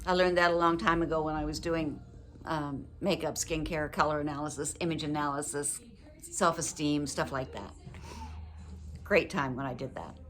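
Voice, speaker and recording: An older woman talking to her viewers in a personal, heartfelt vlog, reflective, gentle and earnest, with emotion close to the surface. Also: deep voice, steady tone, moderate pace. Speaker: widow sharing advice with her viewers.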